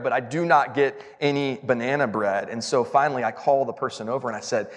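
A man's voice: mid-range voice, fast talker, hardly any pauses. A man giving a church lesson in a chatty, self-mocking storytelling style that builds to emphatic points. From Southern United States. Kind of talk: storytelling sermon. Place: church auditorium. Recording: long reverb of a large hall.

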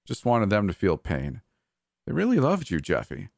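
A man voicing a manic, cruel adult brother who taunts and mocks, breaking into yells. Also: lowish voice, huge pitch swings, moderate pace, gravelly, no room sound, studio quality, voice pushed up, heavily acted. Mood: cold taunting. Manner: taunting, mocking, erratic shifts into yelling.

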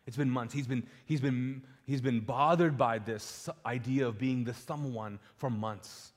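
A man's voice: medium pitch, steady tone, a little slow. A male pastor preaching a casual, humorous sermon to a live congregation, acting out scripture dialogue and often repeating words as he goes. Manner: frequent word repeats and restarts. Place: church auditorium before a live congregation. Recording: long reverb of a church hall.

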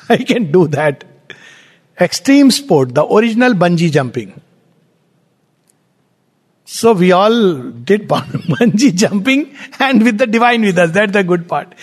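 A man with an Indian English accent giving a spiritual lecture, animated and explanatory, posing rhetorical questions. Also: sits high, unhurried, long pauses. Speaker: spiritual teacher. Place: lecture hall at a centre. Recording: long hall reverb.

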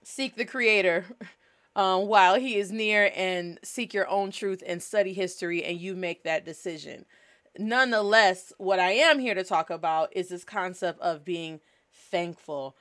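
A woman's voice: lowish voice, unhurried, a bit bright. A woman hosting a language lesson in a casual, upbeat teaching style, moving between English and Spanish. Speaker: host.

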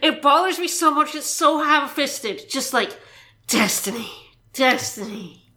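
A woman co-hosting a casual movie-review podcast, chatty and animated, often restarting her sentences. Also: sits high, unhurried. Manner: chatty, animated, self-interrupting. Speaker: podcast co-host.

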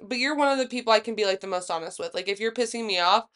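A young woman co-hosting a podcast, telling a story in a casual, profane, animated way and acting out the quotes. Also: mid-range voice, racing. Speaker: podcast co-host. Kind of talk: casual chat.

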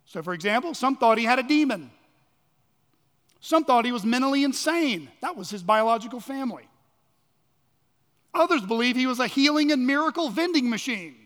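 A man preaching a sermon as pastor, swinging from loud emphasis to hushed, drawn-out lows. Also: expressive. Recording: long hall reverb.

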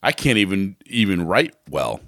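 A man's voice: sits low, sing-song, normal speed, fairly bright tone, no echo, studio quality. A man co-hosting a podcast in casual banter, speaking in an easygoing way and chuckling often. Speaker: podcast co-host.

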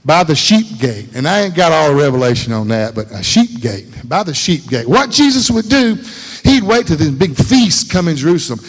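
Man, preacher, folksy sermon, animated, fairly high voice. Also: moderate pace. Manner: folksy, animated, repeats himself for emphasis. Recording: reverberant hall.

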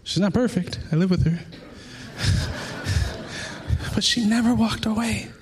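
High-voiced man preaching earnestly. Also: measured pace. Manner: earnest, emotional, conversational preaching. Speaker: pastor. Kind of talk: sermon with personal testimony.

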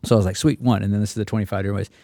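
A man's voice: on the low side, fairly even intonation, rapid-fire, gravelly, mellow, no echo, studio quality. A man who is an instructor pilot, telling stories in a casual roundtable chat and acting out the people he quotes. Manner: storytelling, acts out quotes.

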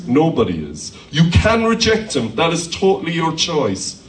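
Pastor preaching, voice sits kinda high and swings all over, echoey hall, mic a bit far off. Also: male voice, normal speed, hardly any pauses, slight background noise. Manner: lively preacher, rising to shouted hallelujahs. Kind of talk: sermon. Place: church hall.

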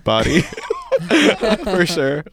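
A young man co-hosting a podcast, quietly chiming in with short jokes and giggles. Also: high voice, wildly swooping pitch, extremely slow, creaky. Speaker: podcast co-host. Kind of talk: casual comedy podcast chat.

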